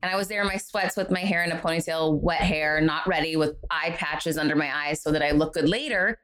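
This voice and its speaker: A woman's voice: low voice, brisk. A middle-aged woman, a guest author, telling a story in a podcast interview and acting out the voices of the people in it. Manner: animated, acts out quoted voices.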